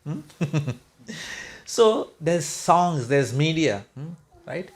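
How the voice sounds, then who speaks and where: A man's voice: fairly high pitch, big pitch swings, very slow. A man from Mumbai with an Indian English accent, giving a conversational spiritual talk to a home group, wry and sometimes sarcastic, often checking in with "right?" and "hmm?". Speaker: spiritual speaker.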